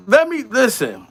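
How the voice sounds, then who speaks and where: High-voiced profane male comedian storyteller. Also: creaky, breathy edge, no room sound. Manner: profane, animated, acts out quotes in raised voices. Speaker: comedian, channel host.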